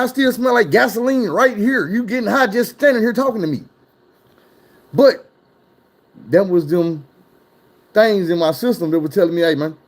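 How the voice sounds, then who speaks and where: A man telling a wild personal story in casual, profane chat, his voice jumping up when he gets worked up. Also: sits high.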